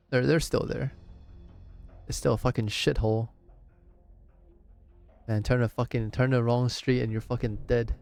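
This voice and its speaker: Male streamer, casual rambling chat, profane, mellow tone, faint game music. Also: fairly low pitch, smooth. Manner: heavy swearing, rambling restarts. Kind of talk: casual live-stream commentary.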